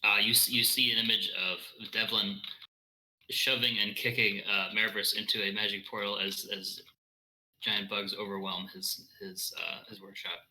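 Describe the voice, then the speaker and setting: Bright-voiced male game master. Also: lowish voice, slight background noise, rough recording. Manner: relaxed, halting narration with restarts. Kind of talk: narrating a tabletop game.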